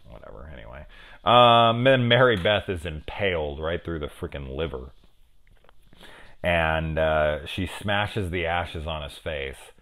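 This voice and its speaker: A middle-aged man with a notably low voice talks through a horror movie in a loose, casual way. He rambles off on tangents and swears freely. It sounds like an off-the-cuff video review. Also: animated, measured pace, a bit bright. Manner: rambling, profane, chatty asides. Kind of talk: casual spoken film review.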